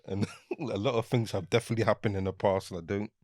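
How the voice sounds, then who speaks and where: A young man co-hosting a podcast, telling an anecdote in a calm, hesitant way. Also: lowish voice, quick pace, no echo, clean studio sound. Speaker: podcast co-host. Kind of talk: casual podcast conversation.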